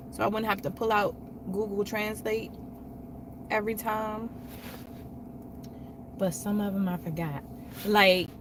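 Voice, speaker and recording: A young adult woman chatting casually with viewers on her livestream, telling stories in an animated way and acting out what people said. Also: medium pitch, noisy background. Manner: chatty, animated storytelling with quoted voices. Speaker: livestream host.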